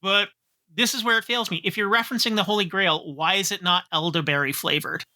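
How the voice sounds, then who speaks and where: A woman's voice: mid-range voice, steady tone, fairly quick, sharp tone. A woman co-hosting a podcast in casual, joking chat, rambling with restarts.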